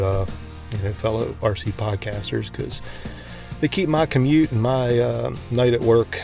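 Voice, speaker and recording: A man's voice: medium pitch, vocal fry. A man hosting a casual solo podcast from inside his parked truck, rambling and laid-back with lots of fillers. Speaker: podcast host.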